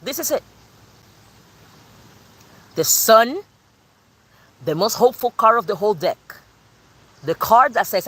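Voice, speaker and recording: A woman's voice: a little high, very animated, takes it slowly, pauses often, fairly bright tone, breathy edge. A woman with a Cuban accent giving a channeled tarot reading in an emphatic, sassy way that repeats her points. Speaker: tarot reader.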